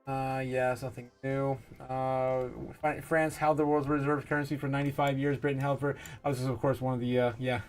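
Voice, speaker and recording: A man's voice: mid-range voice, level tone, a little fast, few pauses. A man hosting a casual livestream, rambling through news and reading viewer comments aloud with frequent laughs and fillers. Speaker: livestream host.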